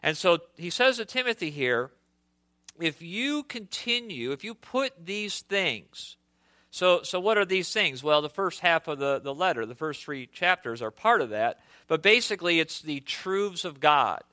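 A man's voice: a little high, big pitch swings, a little slow, bright, forceful tone, dry recording. A middle-aged male pastor preaching a sermon earnestly, often restarting and repeating his phrases.

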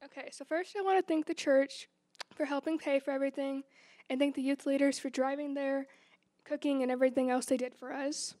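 Teen girl, church testimony, very high but mellow voice, reads prepared words. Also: steady tone, a little fast. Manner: reads prepared remarks, earnest. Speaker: youth group member.

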